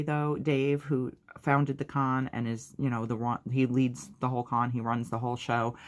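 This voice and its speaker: A woman vlogger talking casually to her viewers in a chatty, upbeat way, with lots of fillers and asides. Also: a bass voice. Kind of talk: casual vlog recap.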